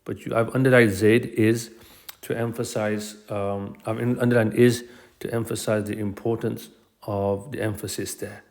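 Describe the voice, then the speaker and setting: A man's voice: on the low side, flat delivery, normal speed, a little mellow. A man teaching a recorded grammar lesson, explaining patiently and repeating key phrases for emphasis.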